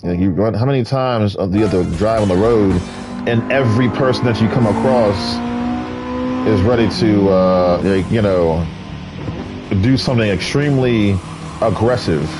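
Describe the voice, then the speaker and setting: A man's voice: lowish voice, moderate pace, music in the background. A man ranting in an exasperated, rambling way, full of fillers, while commenting on his gameplay. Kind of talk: casual rant over gameplay.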